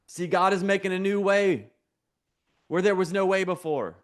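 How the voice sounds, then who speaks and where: A man preaching a sermon in a lively, conversational way, leading the listeners in call-and-response and repeating key phrases. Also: high-pitched, normal speed.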